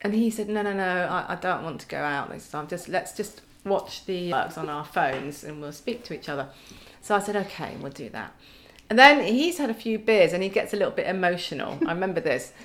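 A woman's voice: fairly low pitch, lively intonation, fairly quick, hardly any pauses, fairly bright tone. A middle-aged woman, a podcast guest telling stories in casual chat with wry humour and frequent laughter.

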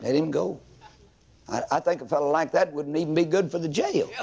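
A man's voice: fairly high pitch, quick pace, dull audio, crowd noise. A man preaching a revival sermon as an evangelist, telling stories with fiery emphasis.

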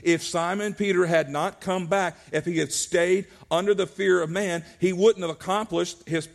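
A man's voice: high-pitched, steady tone, normal speed, creaky. A male pastor preaching a sermon at a church service, earnest, often restarting his words.

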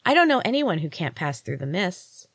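A woman's voice: on the low side, big pitch swings, normal speed, husky, dry recording, clean studio sound, exaggerated voice. A woman voicing a small winged wood-dweller child who asks wide-eyed questions in a raised, lighter voice. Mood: curious.

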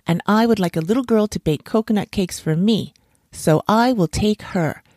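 A grumpy male monkey from a storybook yells his complaints in a voice pushed up above the reader's own low register, as a woman narrator puts him on. He sounds indignant and short-tempered. The recording is close and dry. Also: normal speed, no room sound, close to an everyday voice. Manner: yelling, indignant. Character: surly greedy male monkey, quick-tempered.

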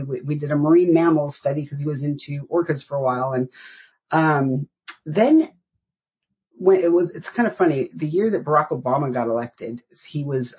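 A woman's voice: low-pitched, husky, dull audio. A woman in her fifties from the United States, a podcast guest telling rambling, anecdotal stories in casual interview chat. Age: 50s.

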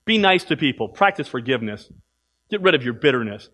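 A man preaching a sermon as pastor in a church, emphatic, swinging from loud exhortation to quiet asides. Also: mid-range voice, very animated, fairly quick.

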